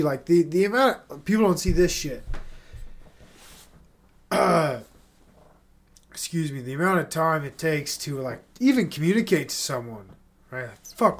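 Young guy rambling and swearing on his own podcast, kinda high voice, gets emotional. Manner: rambling, profane, emotional confessional. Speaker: podcast host. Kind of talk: casual solo monologue.

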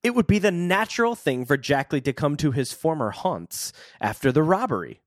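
A man co-hosting a casual podcast, reading a book aloud and chatting with lively laughter. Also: a little high, moderate pace, dry recording, clean studio sound. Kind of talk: casual chat and read-aloud.

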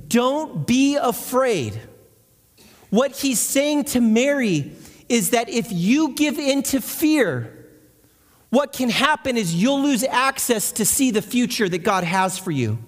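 A man preaching as a guest speaker, and his voice sits unusually high. He talks to the congregation in a conversational way and often asks them questions. The sound rings with the long reverb of a large hall. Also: lively intonation, unhurried. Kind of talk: sermon. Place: church.

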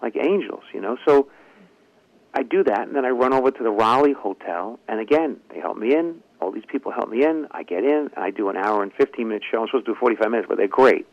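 A man with a voice of medium pitch recounts a long anecdote in an interview, slipping into the voices of people he quotes. The sound is muffled and dry, with no room around it. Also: quick pace, no echo. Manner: lively anecdotal telling, acts out quoted dialogue. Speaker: guest ventriloquist and comedian. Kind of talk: animated storytelling in an interview.

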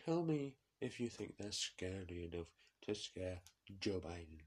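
A man doing a comic impression of a boastful, bumbling older male politician who talks loudly and stammers. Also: low voice, sing-song, measured pace, a little hiss or hum. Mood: blustering. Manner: loud, stammering, whiny.

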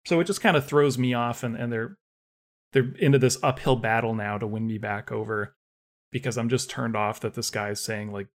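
A man's voice: medium pitch, fairly even intonation, moderate pace. A man co-hosting a podcast, chatting casually and ranting with animation about writing, laughing often. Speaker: podcast co-host.

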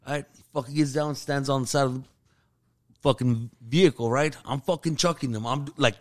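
A man, an army sergeant, telling a profanity-laced work story in casual chat and acting out shouted quotes. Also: mid-range voice, fairly even intonation, fairly quick.

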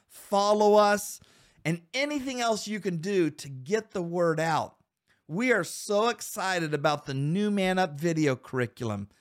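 An earnest male podcast host with a slightly high-set voice, urging his listeners on. He talks to them directly, calling them guys and men, and asks them one question after another. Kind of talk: Christian men's podcast talk.

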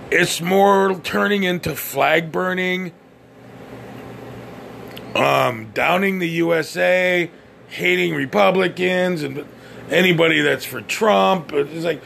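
A man's voice: high voice, creaky, a bit bright, a little hiss or hum. A blunt, profane man ranting on his podcast, often stammering and restarting. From United States. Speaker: podcast host. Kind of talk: opinionated podcast rant.

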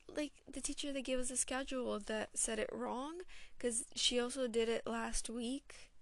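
Gravelly, slow-talking young woman. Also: a little high, dry recording. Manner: chatty, swears often, slips into whispers. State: voice feels off today. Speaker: student vlogger. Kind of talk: casual storytelling.

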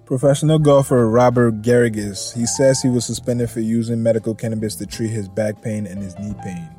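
A man's voice: medium pitch, steady tone, brisk, mellow, soft background music. A man hosting a casual news podcast, laid-back and rambling, swearing and laughing often. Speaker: podcast host.

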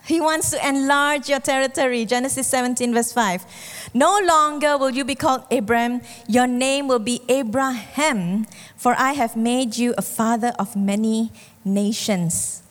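High-voiced woman preaching in a reverberant hall. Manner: animated storytelling, acts out characters with shifting pitch. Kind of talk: sermon.

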